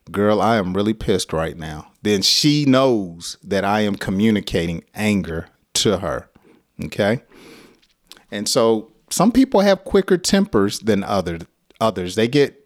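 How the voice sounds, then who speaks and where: American man, English teacher, slow delivery, low voice, acts out phrases, laughs often. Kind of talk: casual spoken lesson.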